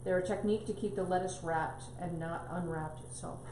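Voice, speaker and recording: A woman's voice: fairly low pitch, fairly even intonation, a little fast. A woman behind the camera reading viewer questions aloud in a brief, cheerful way. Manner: reads out viewer comments off-mic, brief and cheerful. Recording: off-mic in echoey room with noise.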